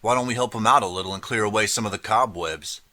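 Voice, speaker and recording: A man's voice: fairly low pitch, quick pace, bright, forceful tone. A man voicing a cocky, mocking teenage boy biker in an audiobook.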